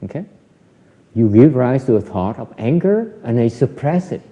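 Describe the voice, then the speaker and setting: This man speaks in a mid-range voice at a moderate pace, his pitch swinging widely. He's a Buddhist teacher lecturing on the Dharma in a temple hall, poking fun at listeners, quizzing them and repeating points often. Hall reverb colors the dull-sounding recording.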